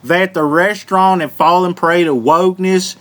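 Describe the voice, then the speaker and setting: A man doing a mock Southern hillbilly voice with a put-on American Southern accent, reading an article aloud slowly and deliberately stumbling over words. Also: high voice, fairly even intonation, a bit bright. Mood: mock-earnest drawl. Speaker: vlogger.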